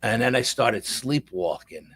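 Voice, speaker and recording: A man's voice: medium pitch, lively intonation, measured pace, a bit bright, breathy edge, no room sound. A middle-aged man, a paranormal investigator telling a long rambling story in a casual interview, repeating words as he goes.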